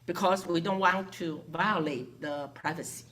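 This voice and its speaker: A woman's voice: fairly low pitch, measured pace, a little hiss or hum. A woman telling a story to a gathering, acting out the voices of the people she quotes. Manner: animated, acts out quoted voices. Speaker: foundation director.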